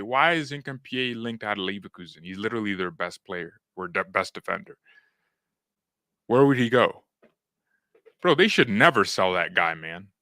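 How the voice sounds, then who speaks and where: Young dude on a fan stream, bright voice, goofy slang, keeps talking to chat. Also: male voice, mid-range voice, no room sound. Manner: joking, slangy, talks to chat, reads news aloud. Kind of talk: casual live-stream commentary.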